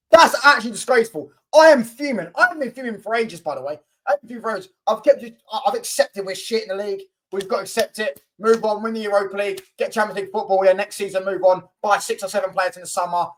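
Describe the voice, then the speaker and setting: A man's voice: high-pitched, poor audio. Guy fuming about a football result, sweary, repetitive, young adult. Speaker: football fan channel host. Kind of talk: angry fan rant to camera.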